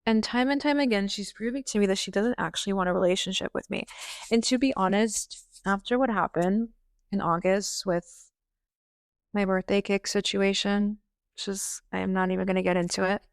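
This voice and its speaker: A young woman hosts a podcast, talking straight to the listener in a raw, exasperated monologue peppered with swearing. Her voice is smooth and clear, sits at an ordinary middle pitch, and is recorded close and dry with no room sound. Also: steady tone, moderate pace, no echo. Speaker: podcast host. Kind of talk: personal monologue.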